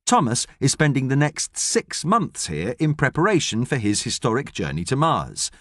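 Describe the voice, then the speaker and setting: A man with a mid-range voice narrates an audiobook from a script at normal speed, telling the story expressively. The recording is dry, with clean studio sound.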